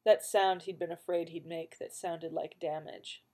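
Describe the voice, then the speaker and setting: A woman narrating an audiobook in a measured, even storytelling manner. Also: lowish voice.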